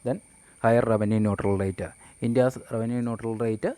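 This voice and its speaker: Halting man with a Kerala English accent. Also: medium pitch, fairly even intonation, mellow. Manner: halting, with frequent "uh" pauses and restarts. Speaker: lecturer. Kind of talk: explanatory lecture.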